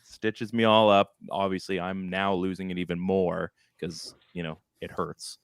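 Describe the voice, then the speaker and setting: A man's voice: sits low, measured pace, vocal fry, clear, resonant tone, no room sound. A man co-hosting a podcast, telling a rambling, self-deprecating story in casual chat on a close microphone. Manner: animated, rambling anecdote with self-deprecating laughs. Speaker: podcast co-host. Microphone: close studio microphone.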